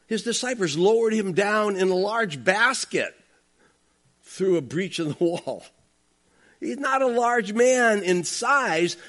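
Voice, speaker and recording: Animated, high-voiced male preacher. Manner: emphatic and conversational, with asides like "okay?". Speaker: pastor. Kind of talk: expository sermon.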